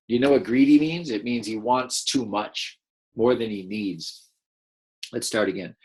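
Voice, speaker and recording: A man teaching a first-grade class, reading a picture book aloud and gently encouraging the children to read along. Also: mid-range voice, moderate pace, husky. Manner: gentle, encouraging, explains as he goes.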